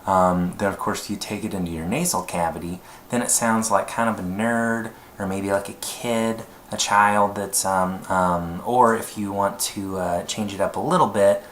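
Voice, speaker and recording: Deep-voiced man explaining vocal range. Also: steady tone, a bit bright. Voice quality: chesty. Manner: explains in a loose, rambling way with many pauses. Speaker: voice actor. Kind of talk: informal voice acting demo. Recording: echoey room, faint noise.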